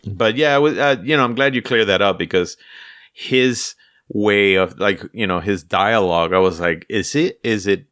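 A man's voice: fairly low pitch, normal speed, a bit bright, dry recording, clean studio sound. Laughing, rambling New man. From the Bronx, New York. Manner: laughs often, rambling with many fillers. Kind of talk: casual podcast chat.

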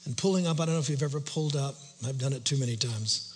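A middle-aged male pastor telling a personal story in a sermon, shifting between loud outbursts and hushed whispers. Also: mid-range voice, fast talker, breathy edge. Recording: long hall reverb, faint hum.

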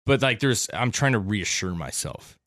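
A man's voice: fairly low pitch, animated, moderate pace, fairly bright tone, dry recording, clean studio sound. A man co-hosting a podcast in laid-back, casual chat, swearing freely and calling everyone "man". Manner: laid-back, profane, says "man" often. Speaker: podcast co-host.

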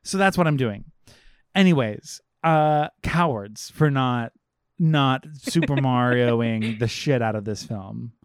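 A man's voice: medium pitch, takes it slowly, smooth, dry recording, studio quality. Sarcastic, profane male podcast co-host. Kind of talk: casual chat, film review.

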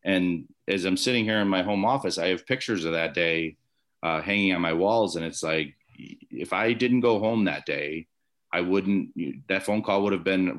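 Man, very low pitch, from Chicago area, rambling anecdotes, interview guest, home office. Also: moderate pace, a bit bright. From Chicago area, USA. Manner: rambling anecdotes with frequent restarts and fillers. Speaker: guest, former baseball umpire. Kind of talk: conversational storytelling interview.

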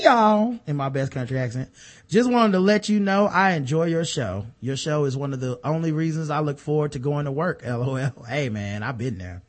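A man co-hosting a podcast, chatting casually and reading listener emails aloud with low muttered asides. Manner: laid-back, drops into a low mutter for asides, reads letters aloud. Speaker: podcast co-host.

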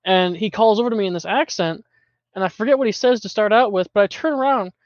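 Man, high voice, lively storyteller, dry and dull lo-fi voice chat, laughs easily. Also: fast talker, no echo. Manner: animated, laughs often, uses filler words. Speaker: podcast guest, longtime community member.

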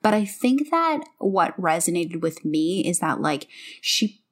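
A chatty woman from Canada co-hosts a relaxed book discussion. She talks at a slightly low pitch, loose and rambling, often pausing to hunt for the right word. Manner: chatty, searching for words with many fillers. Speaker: book club podcast co-host.

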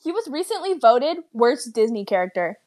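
Casual high bouncy young woman chatting, lots of "like", dry room. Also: normal speed, no echo. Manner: animated, giggly, filler-heavy. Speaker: podcast co-host. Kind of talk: casual chat.

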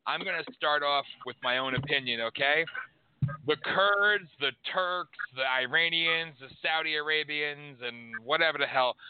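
A man's voice: a little high, clean tone, no echo. Brash, profane male radio host. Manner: brash, profane, sarcastic ranting. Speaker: radio call-in show host. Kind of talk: casual political radio chat. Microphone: headset. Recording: tinny phone-like audio.

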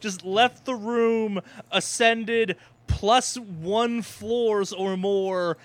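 A man's voice: sits high, fairly even intonation, extremely slow, dry recording. A man in casual chat who cuts in with short, wry jokes. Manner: wry, joking interjections.

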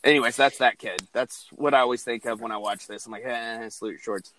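A man co-hosting a casual movie podcast, animated, crude and quick to laugh. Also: medium pitch, slight background noise. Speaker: podcast co-host.

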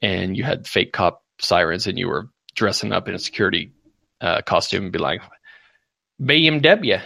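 A man hosting a prank-call show, talking fast and teasing, with profanity. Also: deep voice, steady tone, gravelly, sharp tone, no room sound. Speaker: host. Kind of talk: casual chat.

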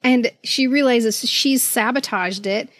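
Woman co-host, fairly high voice, dry close mic, earnest and emphatic. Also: unhurried, a bit bright, no room sound. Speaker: podcast co-host. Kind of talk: casual film discussion.

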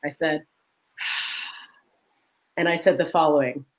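Woman telling lively anecdotes. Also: low voice, slow, rough recording. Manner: animated storytelling, acts out quoted voices. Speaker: guest author and leadership trainer. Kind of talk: conversational interview.

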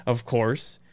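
A man hosting a casual podcast chat, excitable and laughing, reading aloud from notes. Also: a little high. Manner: excited, laughing, says "bro" and "dude". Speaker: podcast host.

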